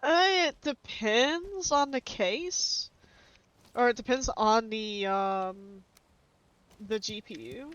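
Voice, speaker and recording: Laid-back streamer, smooth clear voice. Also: mid-range voice, slow. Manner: relaxed, rambling with many fillers. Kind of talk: casual chat with friends. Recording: dull, slightly lo-fi stream audio.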